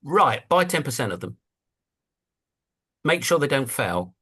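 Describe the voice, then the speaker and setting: A blunt, bossy male leader barking short orders in a raised, higher voice, as a man puts him on. He talks fast and sharply, swinging his pitch about. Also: sing-song, a bit bright, husky, dry recording, studio quality, heavily acted. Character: brusque powerful male leader giving orders.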